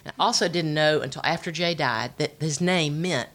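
Brief: middle-aged woman, low voice, lively storytelling testimony. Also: moderate pace. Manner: animated storytelling with voiced quotes. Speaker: speaker sharing testimony. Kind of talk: personal testimony talk.

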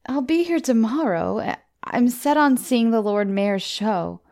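A woman reading a story, voicing a tipsy middle-aged mother who turns tearful and sharp-tongued. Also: a little high, lively intonation, unhurried, voice pushed up.

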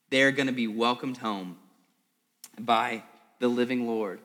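Long reverb fills the school hall where a male pastor delivers a sermon during a church service. His medium-pitched voice is a bit bright, and he tells a story conversationally and vividly, frequently repeating words.

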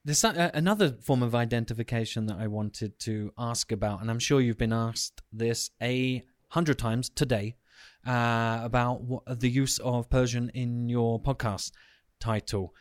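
A man interviewing guests, asking measured questions with lots of hedging. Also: medium pitch, fairly even intonation, no echo, studio quality.

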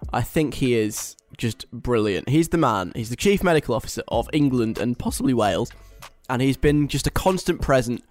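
A man's voice: mid-range voice, animated, normal speed, hardly any pauses, darkish tone, faint music behind. A young British man hosting a radio show, reading a list aloud and mocking it in a chatty, wry way. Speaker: radio host. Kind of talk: casual radio talk.

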